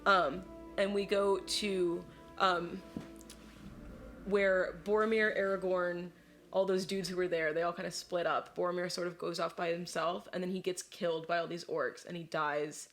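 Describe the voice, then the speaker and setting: A woman's voice: fairly low pitch, level tone, normal speed, soft background music. Chatty young woman retelling a story. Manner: rambling, constant filler "like", laughs often. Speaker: podcast co-host. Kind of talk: casual chat, retelling a story.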